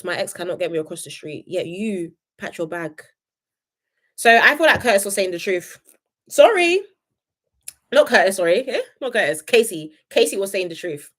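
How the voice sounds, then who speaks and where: A young woman, reviewing a reality show on a casual live stream, opinionated and chatty, reading viewer comments aloud. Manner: animated, jumps between high excited greetings and low asides.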